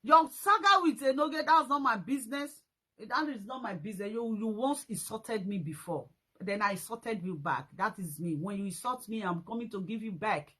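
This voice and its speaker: A woman's voice: on the high side, animated, normal speed, bright, forceful tone, slightly rough, poor audio. A Nigerian woman vlogging a scolding rant, repeating her points and mixing in pidgin slang. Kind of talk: ranting commentary vlog.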